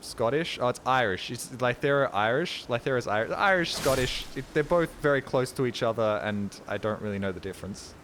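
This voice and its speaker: Aussie dude rambling on stream, jokey, chatting w chat. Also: male voice, mid-range voice, expressive, a little fast, hardly any pauses, fairly bright tone, slight background noise. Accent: Australian. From Australia. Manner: rambling, joking, chatting to viewers. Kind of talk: casual chat while gaming.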